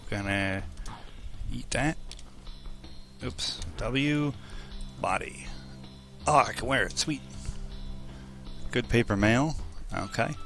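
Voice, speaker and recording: A man's voice: lowish voice, vocal fry, bright, forceful tone. A young man casually commenting on his role-playing video game session, rambling and joking at his own expense, recorded on a desk mic at home. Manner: joking, rambling, laughs at himself. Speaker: let's play host.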